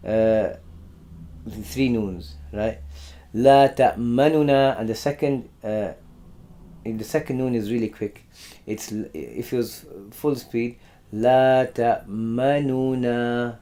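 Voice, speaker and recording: A man giving a conversational religious lesson. He often repeats words and clears his throat. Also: medium pitch, mellow. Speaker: Islamic teacher. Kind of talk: religious lesson on Quran stories.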